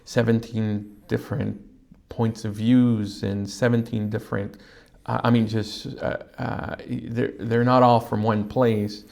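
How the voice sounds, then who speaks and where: A man who pastors a Spanish-speaking church, talking casually on a podcast with frequent pauses and fillers. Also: mid-range voice, flat delivery, vocal fry, a little mellow. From California, USA. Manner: halting, with many fillers and restarts.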